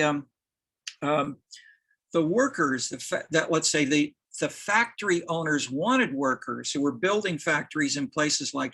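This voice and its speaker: Gravelly, bright-voiced male lecturer. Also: on the high side, rough recording. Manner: halting, many restarts and fillers. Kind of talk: university lecture.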